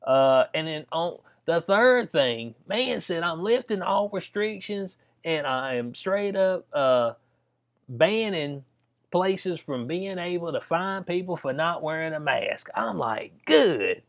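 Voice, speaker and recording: A man's voice: fairly high pitch, lively intonation, takes it slowly. A man from North Carolina giving heated, slangy commentary, breaking into laughing asides. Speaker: commentary vlogger. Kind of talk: casual ranting commentary. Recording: dull lo-fi sound.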